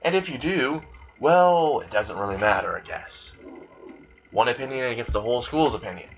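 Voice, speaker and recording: A man's voice: medium pitch, lively intonation, moderate pace, gravelly. A man voicing a cold, threatening teenage male student who talks bluntly and mockingly, on a dull lo-fi recording. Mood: bitter.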